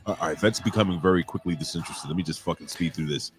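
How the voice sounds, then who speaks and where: A man's voice: deep voice, fast talker, faint music behind. A man co-hosting a live wrestling podcast, rambling, joking and swearing freely in casual chat.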